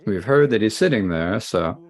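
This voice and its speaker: A man's voice: lowish voice, lively intonation, moderate pace, gravelly, darkish tone. A man voicing deferential palace servant women. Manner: polite, deferential requests.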